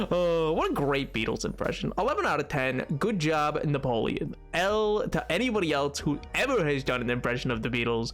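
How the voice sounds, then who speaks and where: A man's voice: on the high side, sing-song, a little fast, hardly any pauses, a bit bright, soft background music. A man live-streaming a game, chatting playfully and joking with his viewers. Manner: playful and joking, talks to chat. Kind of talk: casual live-stream chat while gaming.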